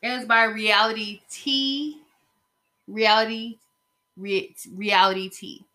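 Bright, sassy woman podcast host. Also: fairly high pitch, fairly even intonation, slow pace. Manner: chatty, sassy, talks straight to listeners. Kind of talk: casual gossip commentary.

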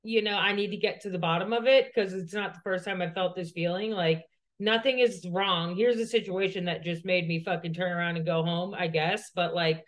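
A woman's voice: on the low side, steady tone, fairly quick. Woman, podcast co-host, casual storytelling, profane, rambling, filler-heavy.

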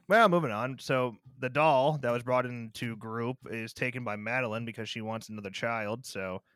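A man's voice: mid-range voice, moderate pace, fairly bright tone, clear, resonant tone, no room sound, clean studio sound. A man co-hosting a casual movie review podcast, laid-back and hesitant, often trailing off. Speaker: podcast co-host.

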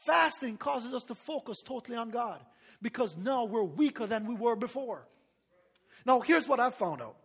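Male pastor, very high voice, lively sermon delivery, call-and-response. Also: moderate pace, vocal fry, breathy edge, long reverb tail. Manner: animated preaching with laughter and call-and-response.

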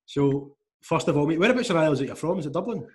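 A man's voice: a little high, expressive, rapid-fire, a little mellow. Brief: male podcast host, easygoing friendly chatter on a call. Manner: friendly, chatty, says "mate" often. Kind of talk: casual podcast chat.

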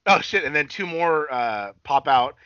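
A man hosting a casual wrestling recap podcast, excitable and profane, acting out what he saw. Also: fairly high pitch, measured pace, smooth, no room sound, highs cut off. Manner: excitable, profane, acts out quotes. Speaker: podcast co-host.

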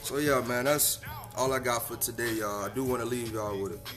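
A man's voice: medium pitch, fairly even intonation, fairly quick. A man talks straight into the mic for his own podcast, loose and conversational, heavy on slang. He leans hard into the points he wants to land, with faint music playing underneath. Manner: laid-back, slang-heavy, emphatic advice. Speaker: podcast host. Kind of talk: casual solo podcast monologue.

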